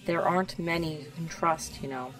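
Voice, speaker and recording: A woman's voice: low voice, fairly even intonation, moderate pace, a bit bright, distant mic, soft background music, rough recording. Draco: a woman reading a cold drawling young wizard. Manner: drawling, contemptuous.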